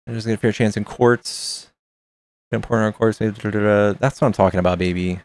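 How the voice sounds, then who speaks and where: A man's voice: fairly low pitch, fairly even intonation, normal speed, darkish tone, no room sound. Profane male streamer on a dry mic. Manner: profane, reacting to chat and reading aloud. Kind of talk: casual livestream chat.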